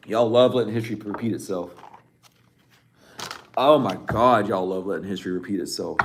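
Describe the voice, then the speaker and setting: A man giving a casual tarot reading, teasing and laughing often, blunt and profane, with a throat that sounds a bit rough. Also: fairly high pitch, expressive, moderate pace, long pauses, slight background noise. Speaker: tarot reader.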